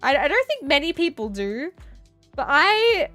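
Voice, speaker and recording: Young woman artist-streamer, high-pitched and giggly, playful melodramatic chatter. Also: big pitch swings, measured pace, sharp tone, no room sound, faint music behind. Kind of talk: casual stream chat while drawing.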